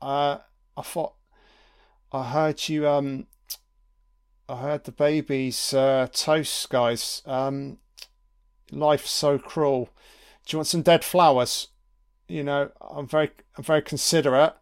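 A man's voice: a little high, steady tone, slow, pauses often, clean tone. A man voicing a sly, scheming male tenant who mocks his landlords in a sing-song, sweary way. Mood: smarmy.

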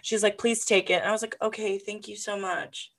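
A young adult woman co-hosting a podcast, telling a story in a casual, animated way and acting out the people in it, with many "like" fillers. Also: medium pitch, a little fast. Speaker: podcast co-host.

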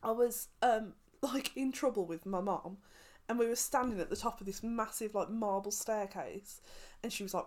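A woman's voice: medium pitch, normal speed. A young woman in casual chat, rambling through stories and laughing often.

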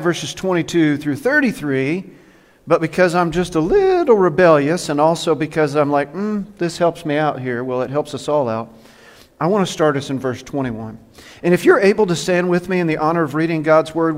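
A male pastor preaches in a high, lively voice, playing up jokes and brief impressions. His words ring out with a long reverb in a church sanctuary. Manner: joking, animated, slips into impressions. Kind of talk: sermon.

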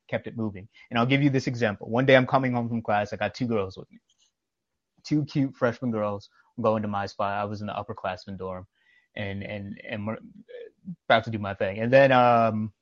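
Male podcast co-host, emphatic storyteller, mid pitch, dry and a bit muffled. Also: no echo. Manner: emphatic, preachy, tells anecdotes with quoted dialogue.

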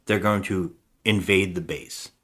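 A man's voice: sits low, steady tone, a little slow, fairly bright tone, husky. A man co-hosting a podcast, casually recapping a movie's plot in a rambling way. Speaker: podcast co-host. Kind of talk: casual movie review chat.

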